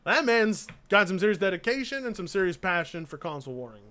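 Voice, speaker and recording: Sarcastic high-voiced male streamer. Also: very animated, fast, sharp tone. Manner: sarcastic, incredulous, laughing asides. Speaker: streamer reacting to videos. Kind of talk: casual live-stream reaction commentary.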